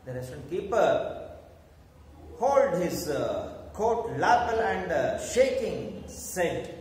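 A male teacher walks a class through a story at an unhurried pace, his fairly high voice rising and falling a great deal. He pauses often on fillers and repeats himself as he explains. The sound is roomy, with a long reverb and faint background noise. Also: very animated, a little mellow, far from the mic. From India. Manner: slow and explanatory, with many fillers and repetition. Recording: echoey hall with faint noise.

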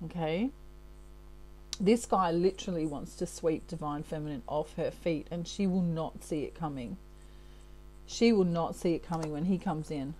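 A woman giving a channelled tarot reading in a soft, warm voice that sits a little low. She talks in a loose, chatty way, often checking in with her listener. She laughs at herself easily. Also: normal speed, rough recording. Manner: chatty, keeps checking in with "okay?". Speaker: tarot reader.

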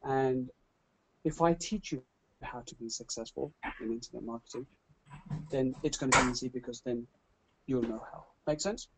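This webinar host has a mid-range male voice, a moderate pace, and frequent pauses, with a noisy background behind him. He presents with a showman's energy, repeating words often and stumbling when he gets excited.

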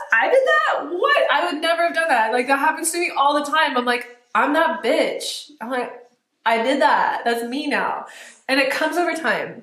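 A young woman vlogger giving casual advice to camera, chatty and animated, laughing often and swearing casually. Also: on the high side. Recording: roomy echo.

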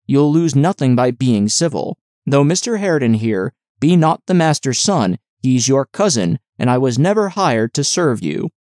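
A man voicing a plain-spoken woman servant who reproves calmly and firmly. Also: medium pitch, moderate pace, few pauses, no room sound, clean studio sound, lightly acted. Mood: reproving. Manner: calm, reproving.

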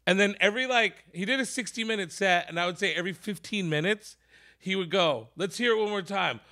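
A man's voice: high voice, a little fast. A man hosting a podcast, telling a long comedy anecdote in a casual, profane way and acting out the people in it. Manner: animated, profane, acts out voices in his stories. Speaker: podcast host. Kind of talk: casual storytelling.

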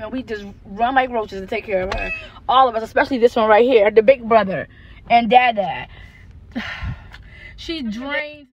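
A high-pitched American woman in her thirties talks into a phone camera from her car, venting about her kids. She is blunt and exasperated and curses freely, as in a candid car chat. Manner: blunt, exasperated, frank with cursing. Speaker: mother vlogger. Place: parked car, then driving home.

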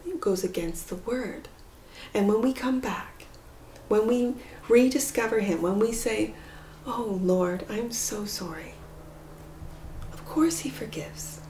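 A woman giving a spiritual tarot reading in an earnest, rambling way, sometimes dropping to a soft whisper. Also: medium pitch. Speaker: tarot reader. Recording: echoey room with faint noise.

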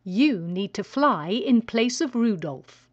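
A woman's voice: a little high, lively intonation, slow, lo-fi sound. A woman voicing a male angel with a cold, spluttering as he talks, in a storybook reading. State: sneezing and spluttering.

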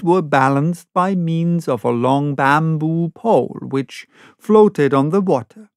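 A man narrating an unabridged classic novel in a slow, measured reading. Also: on the high side, vocal fry, no echo, clean studio sound. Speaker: audiobook narrator.

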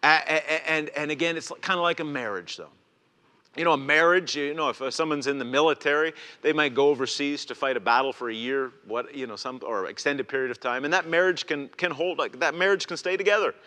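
Bright-voiced pastor preaching in a hall. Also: male voice, a little high, a little fast. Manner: earnest, repeats words and restarts. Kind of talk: sermon. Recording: reverberant church hall.

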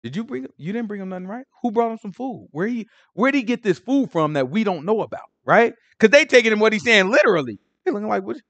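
Male bible teacher, slangy storyteller voice, fairly high, dry close sound. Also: quick pace, few pauses, dry recording. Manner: animated storytelling, acts out characters in street slang. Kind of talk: casual Bible study teaching.

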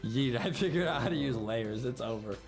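A man's voice: mid-range voice, expressive, fairly quick, a crowd in the background. A young man co-hosting a gaming video, teasing his friend and repeating silly catchphrases. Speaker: co-host. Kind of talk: playful gaming banter.

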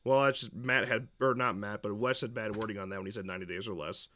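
A man's voice: lowish voice, steady tone, quick pace, sharp tone. A young man streaming live, giving rambling, opinionated commentary on a game update and stopping often to restart his sentences. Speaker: streamer reacting to a developer Q&A.

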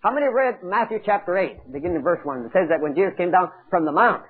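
Heard through tinny 1980s tape that sounds like a phone line, this fast-talking preacher has a high, slightly rough, animated voice. He retells a Bible story with dramatic character voices and asks the congregation questions.

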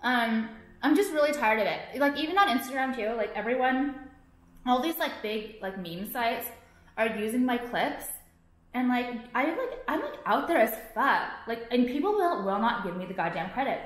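A woman's voice: fairly high pitch, lively intonation, moderate pace. A young woman vlogging to her viewers, ranting in a profane, exasperated way and filling her talk with "like". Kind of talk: casual ranting to camera. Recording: echoey room.

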